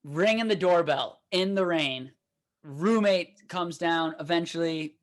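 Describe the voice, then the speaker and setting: Young guy, high voice, profane and animated, casual podcast storyteller. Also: a little slow. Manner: profane, animated storyteller, shouts quoted lines. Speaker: podcast co-host.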